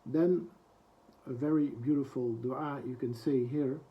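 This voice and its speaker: A man gives a reflective lesson on a book, reciting quoted prayers quickly and translating them slowly, with frequent soft hesitations. His mid-range voice holds a steady tone, and the highs are cut off.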